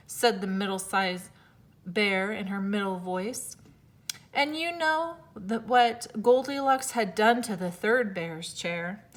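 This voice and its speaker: A woman's voice: mid-range voice, slow pace. Woman teacher reading a fairy tale aloud. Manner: expressive, with small slips and self-corrections.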